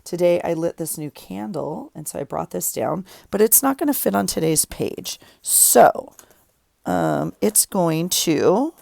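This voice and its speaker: Deep, gravelly woman chatting while crafting. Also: sing-song, normal speed, few pauses, darkish tone, no echo, clean studio sound. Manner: rambling, thinks aloud while working. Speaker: journaling vlogger. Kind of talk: casual chat while crafting. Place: home craft room.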